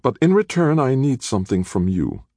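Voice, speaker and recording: A man reading an audiobook, voicing an imperious older woman politician with a flat, cold, calculating manner. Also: mid-range voice, moderate pace, dry recording, studio quality, pitched above the performer's own voice. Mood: icy. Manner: icy and flat, coolly calculating. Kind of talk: audiobook character voice.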